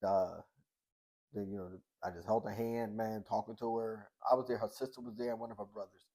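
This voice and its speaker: A middle-aged boxing coach and social worker, guesting on a podcast, shares a personal story in a colloquial, earnest way. His voice sits on the low side with a steady tone, and he halts and restarts his sentences, acts out old conversations as quoted dialogue, and sometimes softens to a hush.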